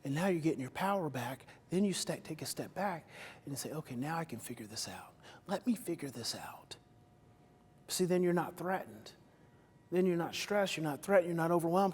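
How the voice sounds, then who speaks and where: A man giving a live talk to an audience, energetic and repetitive, with loud emphatic bursts. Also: fairly high pitch, breathy edge. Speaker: speaker on stage. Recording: reverberant hall.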